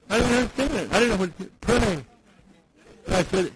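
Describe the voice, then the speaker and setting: A man giving a personal storytelling speech at a recovery meeting, dropping to near-whispers and then building loud. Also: high-pitched, expressive, a little fast, pauses often, a little hiss or hum, low-quality recording. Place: meeting room with audience.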